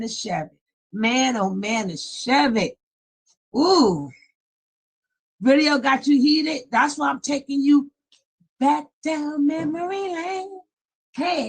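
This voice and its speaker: A woman's voice: fairly high pitch, fairly bright tone, husky. A middle-aged woman giving dramatic, exclamatory reaction commentary as a streamer.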